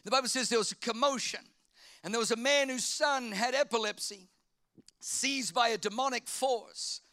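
Fervent high-voiced preacher. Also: male voice, moderate pace. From Australia. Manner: fervent, repeats phrases and swings from loud to hushed. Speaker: pastor. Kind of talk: sermon.

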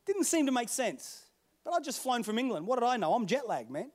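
A man over thirty-five preaching a sermon, telling stories and swinging between loud bursts and hushed lines. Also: very high voice, animated, quick pace.

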